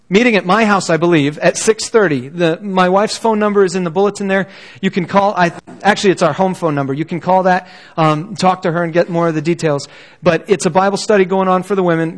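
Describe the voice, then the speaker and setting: High-voiced pastor giving an earnest sermon. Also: male voice, fairly quick. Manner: earnest, encouraging, conversational preaching.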